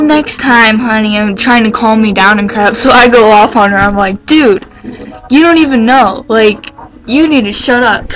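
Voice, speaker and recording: A woman telling a story in a casual vlog, rambling and excitable, filling her pauses with "like" and swearing casually as she gets worked up. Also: medium pitch, poor audio. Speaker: vlogger.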